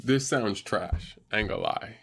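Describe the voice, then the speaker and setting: A male live streamer chatting casually, repeating himself and stumbling over his words as he presses and teases. His voice sits on the low side. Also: moderate pace, vocal fry, a bit bright, breathy edge. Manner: pushy, stammering, teasing.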